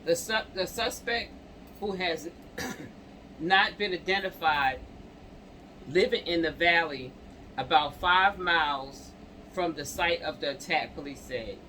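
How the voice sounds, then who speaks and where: Man reading news with halting stumbles. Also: on the high side, sharp tone, slight background noise, rough recording. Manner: reads haltingly with stumbles and restarts, breaks off to comment to viewers. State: coughing and clearing throat. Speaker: channel host reading and reacting to news. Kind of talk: news reading with casual commentary.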